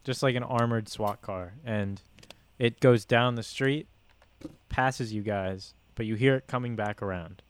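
A man's voice: medium pitch, a little slow, smooth, no echo. A man narrating a tabletop role-playing game as game master, casual and loose, with filler words.

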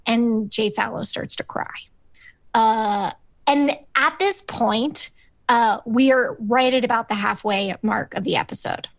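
A woman's voice: fairly high pitch, unhurried, gravelly, dry recording. A woman co-hosting a podcast, recapping a sitcom episode in a rambling, casual way with lots of fillers, acting out the characters' lines. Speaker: podcast co-host.

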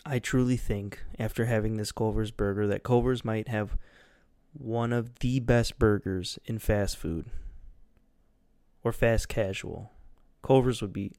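A man's voice: fairly low pitch, steady tone, a little slow, a little mellow, dry recording, clean studio sound. Goofy rambling guy. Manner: loose, goofy, lots of fillers and swearing. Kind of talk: casual rambling monologue.

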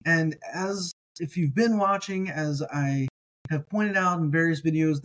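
Middle-aged man, teacher, reading lesson, slow careful sounding out, repeats words, relaxed, encouraging, slightly high voice. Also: low-quality recording. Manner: relaxed and encouraging, with frequent ums and uhs. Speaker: Hebrew teacher.

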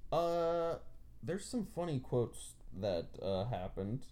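A woman's voice: rumbling low, big pitch swings, takes it slowly, mellow. A woman co-hosting a podcast, chatting casually about a video game, laughing often and swearing freely. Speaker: podcast co-host.

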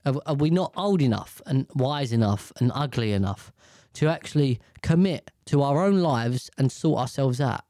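A man's voice: medium pitch, animated, normal speed, dark tone, no echo, clean studio sound. A British man from the UK in a casual, rambling monologue, swearing freely and airing strong opinions. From United Kingdom.

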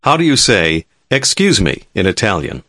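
A man narrating a language lesson in a calm, measured, clearly enunciated scripted delivery. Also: fairly low pitch, dry recording, clean studio sound.

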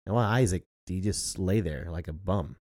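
A man's voice: low-pitched, a little fast. A man in his thirties co-hosting a podcast in casual, joking chat, laughing often. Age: 30s. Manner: jokey, animated, laughs often. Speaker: podcast co-host.

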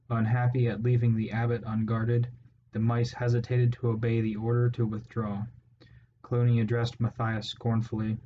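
Male storybook narrator, steady, measured, flat and even, dull lo-fi audio. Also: medium pitch. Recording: dull lo-fi audio, faint hiss.

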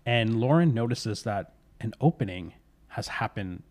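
A man recounts a spooky story in a relaxed, conversational way, with a voice sitting on the low side. He drops into short quoted lines for the characters as he goes. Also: a little slow.

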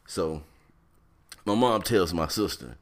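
Here a man with a gravelly voice goes at a slow pace through a childhood memory. His telling is casual, animated, and slangy, and he voices the other people in a high, put-on way.

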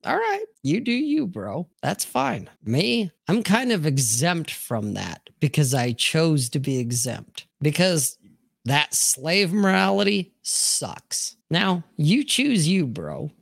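A man hosting a live-streamed discussion, swearing freely, laughing loudly and reading viewer comments aloud. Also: on the high side, big pitch swings, slow, gravelly, no room sound, clean studio sound. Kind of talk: casual live-stream chat.

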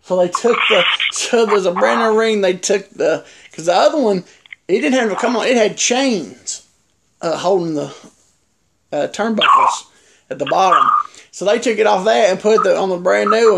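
A man tells a rambling story in casual chat, full of restarts and asides. His voice is rough and gravelly. The recording carries a steady hiss of noise underneath. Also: sits high, moderate pace. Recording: noisy podcast recording.

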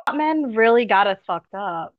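A woman's voice: medium pitch, lively intonation, moderate pace, dry recording, phone-quality sound. A woman hosting a casual chat, reacting eagerly and laughing along.

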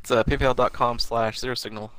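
A man in casual chat, laid-back and joking, chiming in with quick agreement. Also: medium pitch, fairly even intonation, a bit bright, slight background noise. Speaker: podcast co-host.

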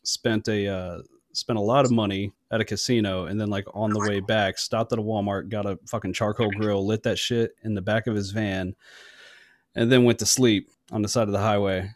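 A man's voice: fairly low pitch, fairly even intonation, normal speed, no echo, studio quality. A young adult man telling profane stories in casual chat, trailing off and laughing often. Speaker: army veteran.

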